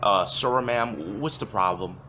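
A man doing a flat, weary counter worker. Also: fairly low pitch, measured pace, a little hiss or hum, pitched below the performer's own voice.

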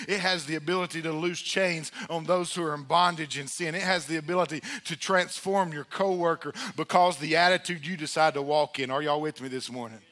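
A man preaching a sermon in church, conversational and energetic, calling out to the congregation. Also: a little high, fairly quick, hardly any pauses. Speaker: pastor. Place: church sanctuary.

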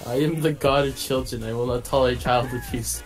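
A man putting on the voice of a pompous self-proclaimed god who lectures mortals in slow, solemn proclamations. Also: medium pitch, fairly even intonation, voice pushed down, natural voice. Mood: mock solemn. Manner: solemn proclamations broken by laughter. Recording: music playing behind.

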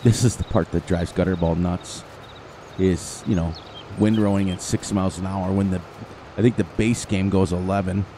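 This gaming channel host, with an upstate New York accent, keeps up chatty commentary full of laughter and bits of song. His warm, low voice stays fairly even in intonation, over a little hiss or hum.

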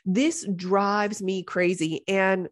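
A middle-aged woman hosting a podcast, telling a story in a casual, animated way, exasperated and joking, often slipping into the voices of others. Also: medium pitch, very slow. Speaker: podcast host.

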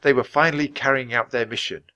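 A man reading a children's chapter book aloud at a natural, clear pace. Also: mid-range voice, fairly even intonation, fast talker, bright, forceful tone. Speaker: storybook reader.

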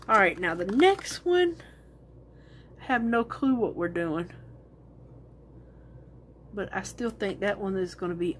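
A woman's voice: medium pitch, fairly bright tone, a little hiss or hum. A woman talking casually to her viewers while she makes resin crafts, thinking aloud and rambling as she works.

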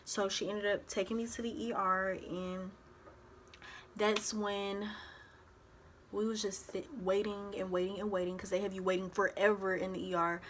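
A young woman speaks, retelling a personal story in a loose, casual way. She acts out the voices of the people in the story. Her voice sits in a middle pitch, with a faint hiss of noise behind her. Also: little pitch movement, normal speed, fairly bright tone. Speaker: vlogger.

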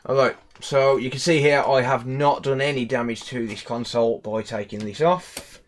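A man's voice: medium pitch, fairly even intonation, moderate pace. A young man with a West Midlands English accent, an electronics repair technician ranting in a casual vlog, annoyed and repeating himself. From England.

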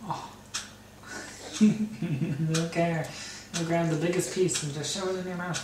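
A man feeding his baby at home, talking to her in gentle, doting, playful baby talk. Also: on the high side, steady tone, moderate pace. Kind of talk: baby talk during lunch. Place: home, at a baby's mealtime. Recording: echoey room, far from mic, loud background noise.

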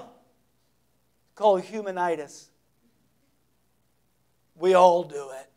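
A male pastor with a notably high voice for a man, preaching a sermon. He tells the story dramatically, acting out the scenes, and drops in folksy, conversational asides. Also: takes it slowly, pauses often, a little mellow.

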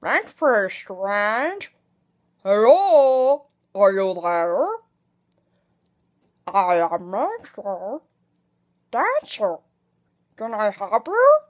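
A woman voicing an odd, pushy man who keeps offering massages in drawn-out, fussy questions. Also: medium pitch, big pitch swings. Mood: eager, fussy.

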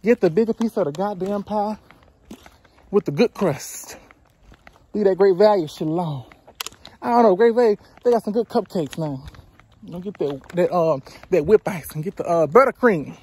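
A faint hiss or hum sits under this vlogger's mid-range, darkish voice, delivered at normal speed. She's in her twenties and out of breath, strolling a roadside near the woods and giving frank, profane advice directly into her phone.

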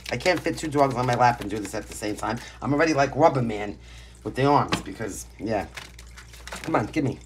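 With an extremely low pitch, lively intonation and a slightly fast pace, she speaks over a noisy background. The woman, from Brooklyn, New York and carrying a Brooklyn accent, reads tarot casually at home among her pets, bluntly, brashly and emphatically.

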